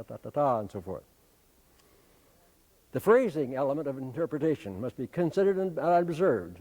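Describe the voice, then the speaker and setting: An older man from the United States, a band conductor, giving a measured, didactic talk and singing syllables to demonstrate. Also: medium pitch, warm tone, long reverb tail. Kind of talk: instructional talk.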